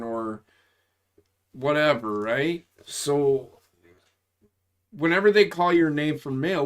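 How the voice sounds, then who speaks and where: A man in his forties, an army veteran, telling service stories in a casual chat, swearing often and rambling through his tales. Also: medium pitch. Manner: profane, rambling, animated when telling stories.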